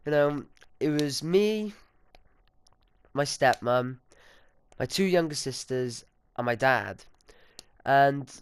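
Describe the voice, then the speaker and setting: A man's voice: mid-range voice, clean tone. A sixteen-year-old boy telling a rambling, indignant, sweary story to his viewers. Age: teens. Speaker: vlogger. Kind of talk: casual storytime.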